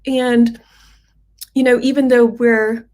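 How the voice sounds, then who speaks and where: A middle-aged woman physician hosting a livestream, talking in a gentle, unhurried and reflective way with many pauses. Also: on the high side, level tone.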